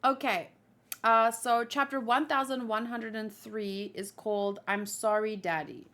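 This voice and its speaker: A woman reads a manga aloud and chats about it casually in between. Her voice sits fairly high and she talks slowly, thinking aloud and restarting her sentences as she goes. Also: fairly even intonation, a bit bright. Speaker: manga read-along host. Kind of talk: manga reading with casual commentary.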